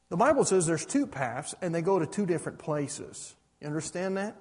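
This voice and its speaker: A man's voice: fairly high pitch, darkish tone, breathy edge. A middle-aged man preaching a sermon, pressing his points with rhetorical questions and asking "you understand that?". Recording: reverberant hall.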